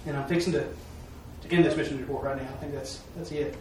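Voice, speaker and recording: A man's voice: mid-range voice, steady tone, brisk, darkish tone. A man preaching, telling a mission story in a folksy, repetitive way with emphatic peaks. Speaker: preacher giving a mission report. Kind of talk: sermon storytelling. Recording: echoey hall, far-off mic, faint noise.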